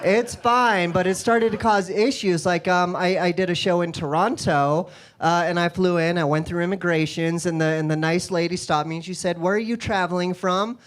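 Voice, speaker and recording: A comedian from Colorado doing an energetic, self-mocking stand-up set on a club stage. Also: female voice, lowish voice, normal speed.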